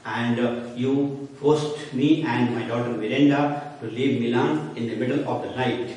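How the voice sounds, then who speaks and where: A man's voice: medium pitch, steady tone, measured pace, few pauses, darkish tone. A male teacher explains a play line by line in a classroom lecture, leaning on the filler "you can say" as he paraphrases. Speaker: English teacher. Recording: very echoey, distant, faint hiss.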